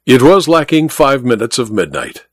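A man narrating a story as an audiobook reader, with measured, expressive storytelling on a close mic. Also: medium pitch, husky, no room sound. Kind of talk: scripted narration.

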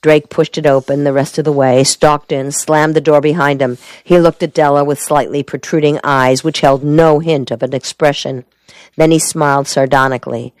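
A woman narrating a crime novel in a measured storytelling manner. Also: deep voice, fairly even intonation, darkish tone, dry recording. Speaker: audiobook narrator. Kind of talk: scripted narration.

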